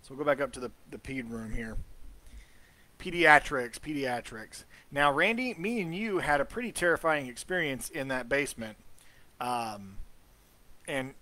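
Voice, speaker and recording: A man's voice: medium pitch, animated, normal speed, pushed and bright. A man hosting a casual live commentary over ghost-hunt footage, chatty and trailing off with fillers. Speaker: host.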